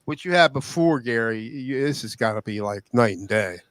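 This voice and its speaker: Rambling man with a lively voice. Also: mid-range voice, moderate pace. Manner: rambling, stop-and-start talk. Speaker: guest, hobby musician. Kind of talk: casual chat.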